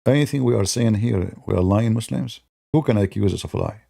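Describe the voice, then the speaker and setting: Man, gravelly, sarcastic debate-show host with a mellow, dark tone. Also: brisk, dry recording, clean studio sound. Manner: mocking, sarcastic, imitates opponents in high voices. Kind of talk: polemical monologue.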